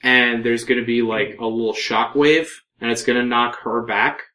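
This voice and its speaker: A man narrating as game master, calmly explaining rolls and describing the action. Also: mid-range voice, normal speed, poor audio. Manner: relaxed, explaining rules and describing scenes.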